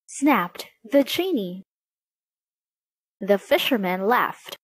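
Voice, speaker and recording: A woman reading a children's story aloud, very slowly and expressively. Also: mid-range voice, slightly rough, low-quality recording. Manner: very slow, expressive. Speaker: storybook narrator.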